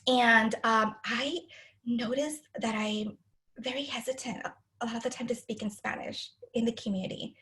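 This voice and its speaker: A woman lecturing with a fairly high voice, talking straight to her listeners. She is candid and emotional, hesitant and full of restarts, and sounds close to tears. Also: steady tone, normal speed, a bit bright. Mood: tearful.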